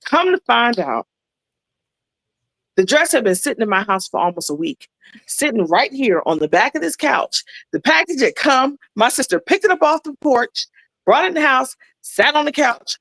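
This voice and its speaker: A woman's voice: fairly high pitch, very animated, normal speed, fairly bright tone, dry recording, rough recording. Woman guest telling a story, chatty, dry close mic sound. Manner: chatty storyteller, addresses listeners as "y'all". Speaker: guest, maid of honor. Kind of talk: casual chat.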